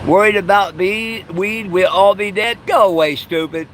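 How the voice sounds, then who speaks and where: High bright man's voice, combative, insulting trolls, live stream on a phone outdoors, faint traffic behind. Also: moderate pace. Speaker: livestream host. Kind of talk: live stream chat, reading comments.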